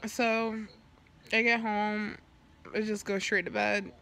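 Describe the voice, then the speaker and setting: Young woman vlogger, post-surgery and burping, bright tone, raspy fry, candid and profane, acts out quotes. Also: medium pitch, flat delivery, slow pace. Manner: candid, swears freely, acts out quoted dialogue. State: burping, recovering after surgery. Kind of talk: casual storytelling vlog.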